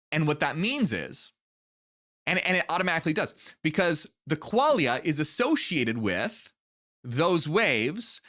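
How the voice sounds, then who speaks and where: Slow, animated male lecturer. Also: fairly high pitch. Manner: earnest, explains step by step, checks in with "okay?". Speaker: channel host. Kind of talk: solo explanatory lecture.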